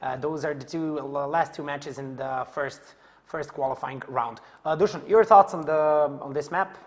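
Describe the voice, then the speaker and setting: A man's voice: fairly high pitch, moderate pace. A man with a Serbian accent, a native Serbian speaker, hosting an esports analyst desk in a hesitant way, full of fillers and laughter. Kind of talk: studio esports analysis chat.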